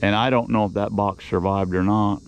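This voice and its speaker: A man's voice: on the low side, fairly even intonation, moderate pace, lo-fi sound, a little hiss or hum. A man hosting his own beekeeping channel, talking casually outdoors in a rambling, folksy way that circles back and repeats phrases. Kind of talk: casual outdoor vlog monologue.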